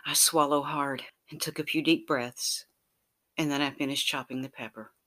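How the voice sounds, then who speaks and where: Soft intimate romantic storyteller. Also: medium pitch, steady tone, normal speed. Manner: soft, intimate, often breathy or whispered. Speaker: narrator. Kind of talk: romantic second-person audio story.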